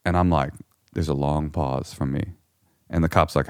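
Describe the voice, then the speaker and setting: In a clean studio recording with no room sound, a male comedian guest speaks at a moderate pace in a rumbling low, clean-toned voice. He's an animated storyteller spinning a comic tale in casual conversation, performing the characters and their shouting.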